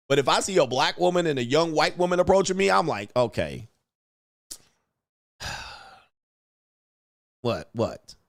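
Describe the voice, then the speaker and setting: A man hosting a casual livestream, talking animatedly and swinging between mocking high voices and low mutters. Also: fairly bright tone, no echo, clean studio sound. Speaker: host.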